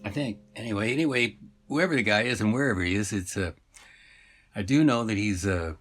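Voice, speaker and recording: A man's voice: on the low side, fairly quick, music in the background. A man telling a story in a rambling, meandering way, full of fillers and asides.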